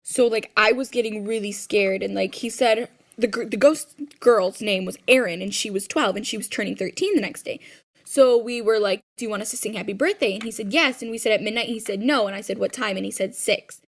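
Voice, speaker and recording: A woman's voice: mid-range voice, fairly quick. A woman retelling a scary personal story in casual, rambling speech full of "like" fillers, recorded at home.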